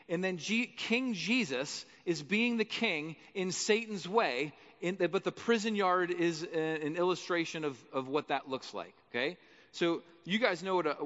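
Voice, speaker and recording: A man delivers a sermon in a loose, conversational way and keeps checking in with the congregation. His voice sits high and bright. It carries through a large, echoing church hall, and the recording is dull and lo-fi. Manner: conversational, rambling, asks the crowd questions. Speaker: preacher. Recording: echoey hall, dull lo-fi sound.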